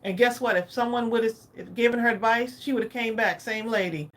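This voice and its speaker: A woman's voice: a little high, a little fast, a bit bright. Picture a woman running a crafting livestream, chatting as she works. She keeps turning to her viewers for their opinions in a loose, easygoing flow. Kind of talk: casual livestream chat while crafting.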